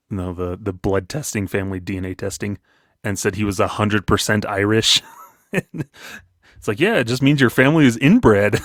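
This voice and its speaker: A man's voice: on the low side, fairly bright tone, no echo, studio quality. A man hosting a casual sports podcast, joking and laughing often with his co-host. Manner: jokey, laughs often, playful put-on brogue at the start.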